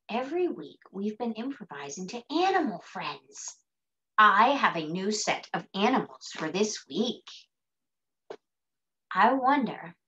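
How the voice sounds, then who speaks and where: A woman teaching an early childhood music class, gentle and sing-song, with hushed asides. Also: medium pitch. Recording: dull lo-fi sound.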